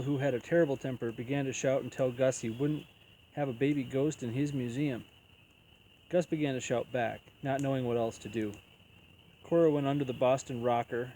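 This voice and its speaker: A man reading a children's picture book aloud as storyteller, in an even, unhurried way. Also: medium pitch, slight background noise, low-quality recording.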